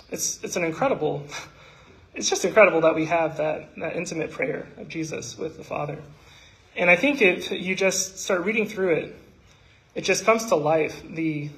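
A man's voice: fairly high pitch, rough recording. A man giving a devotional church talk, hesitant with fillers in plain speech and rising with feeling when reciting memorized scripture. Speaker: church speaker.

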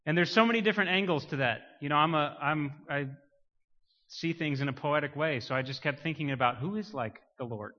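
A man's voice: fairly high pitch, a little fast. Man preaching in a reverberant hall. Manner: dynamic, swings between quiet emphasis and loud rising declarations. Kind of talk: sermon. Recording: muffled sound with long hall reverb.

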